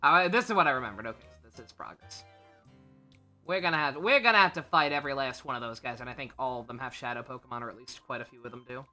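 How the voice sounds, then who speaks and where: A young woman streaming a game, giving casual, laughing, excitable commentary with swearing. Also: rumbling low, quick pace, faint music behind.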